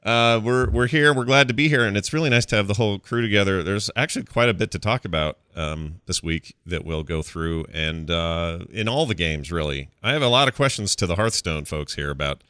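Bright, clear-voiced male podcast host. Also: low-pitched, fairly quick, hardly any pauses, no room sound, clean studio sound. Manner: upbeat, joking and chatty. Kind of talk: casual chat.

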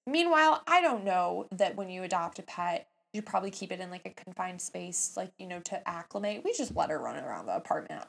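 A young woman in her twenties telling a story casually, with animated jumps between hushed asides and excited outbursts. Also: lowish voice, brisk, creaky, hardly any pauses, husky.

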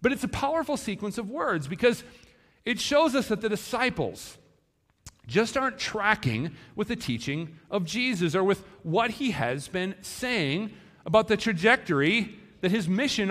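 Man preaching, high voice, lively rise and fall, long church reverb. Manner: animated preaching, acts out the disciples. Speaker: pastor. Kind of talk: sermon.

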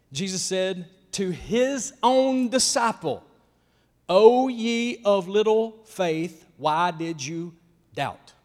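A man with a high voice preaches to a church congregation, jumping between loud emphatic lines and near-whispers. He calls out to people in the room by name. His voice rings with the long reverb of a big hall. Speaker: pastor. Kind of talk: sermon.

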